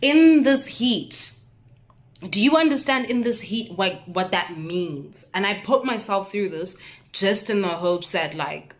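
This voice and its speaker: A young South African woman in her twenties talking to camera in a casual vlog, telling stories in an animated, indignant, expressive way. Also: medium pitch, unhurried. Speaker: vlogger.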